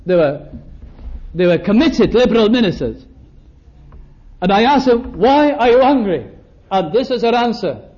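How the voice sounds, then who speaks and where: An older man preaching a sermon, slowing down to stress key words and acting out small exchanges. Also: sits high, darkish tone. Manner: slows down for emphasis, acts out little dialogues. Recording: dull lo-fi recording.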